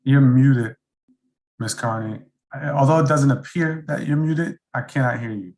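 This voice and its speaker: Council member, man, mid-pitched voice, polite and measured questions over a video call. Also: darkish tone. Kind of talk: questioning at a hearing.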